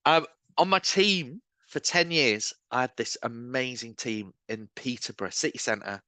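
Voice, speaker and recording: Casting: male guest, mid-pitched, dry close sound, spins funny faith anecdotes. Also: a little slow, no room sound. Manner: animated, self-mocking anecdotes. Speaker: guest, street evangelist. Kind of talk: casual storytelling chat. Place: pub bar.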